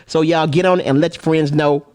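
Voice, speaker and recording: A man in his forties hosting a comedy podcast, loud and hyped, joking through plugs and crude jokes. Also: on the high side, steady tone, fairly quick. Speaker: podcast host. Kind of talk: casual comedy podcast banter.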